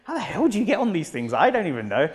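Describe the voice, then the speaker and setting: A British man in his thirties giving an energetic motivational keynote in a large auditorium, telling stories with acted-out quotes. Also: high-pitched, fast. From United Kingdom. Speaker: motivational speaker. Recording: long hall reverb.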